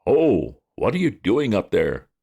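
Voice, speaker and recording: A man voicing a gruff, suspicious village policeman who barks short questions. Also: lowish voice, wildly swooping pitch, a little slow, warm tone, voice pushed up, exaggerated voice. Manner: blunt, barking questions.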